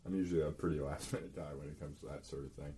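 Young man, very deep voice, mellow, fast talker, relaxed podcast chat. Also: a little hiss or hum. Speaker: podcast co-host. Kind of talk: casual chat.

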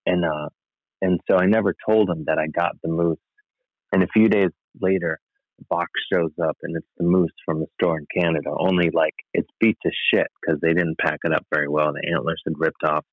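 A low-voiced man spins a long, self-mocking anecdote in a casual, deadpan way. The sound is thin and phone-like, with no room around it. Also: fairly quick, no room sound. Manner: dry, rambling, self-mocking. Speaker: podcast guest storyteller. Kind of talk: casual comic storytelling. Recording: tinny phone-like line, dry.

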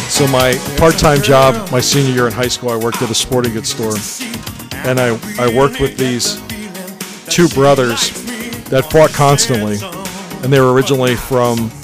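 A man's voice: mid-range voice, moderate pace. Chatty man with music playing beneath. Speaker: podcast co-host. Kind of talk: casual chat about 1980s pop hits. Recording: music playing under the talk.

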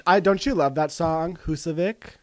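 A man's voice: on the high side, moderate pace, no room sound, natural voice. A man doing a vain, dramatic film actress. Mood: boastful. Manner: gossipy, over-the-top, defensive. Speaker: comedy podcast guest. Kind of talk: improvised comedy impression. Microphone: online call.

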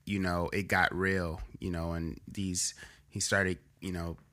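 A young man with a lowish, bright voice co-hosts a laid-back podcast chat. He thinks aloud in long, winding sentences and keeps restarting his phrases. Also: level tone, measured pace. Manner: rambling, many fillers and restarts, reflective. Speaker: podcast co-host. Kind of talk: casual chat.

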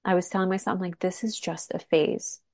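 A woman's voice: on the low side, fairly even intonation, brisk, dry recording, studio quality. A woman co-hosting a podcast, speaking in an encouraging, motivational way with rhetorical questions. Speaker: podcast co-host. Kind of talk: casual conversational podcast.

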